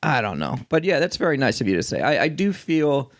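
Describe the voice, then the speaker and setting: Chicago-area actor guy chatting on a podcast, pokes fun at himself, laughs constantly, average pitch. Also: big pitch swings, a little fast. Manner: self-deprecating, laughs often. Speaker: actor and improviser, podcast guest. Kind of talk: casual chat.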